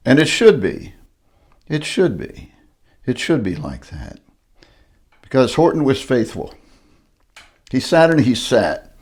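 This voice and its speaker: A man's voice: mid-range voice, very animated, takes it slowly, long pauses, darkish tone, husky. An older grandfather reading a rhyming picture book aloud in a sing-song manner.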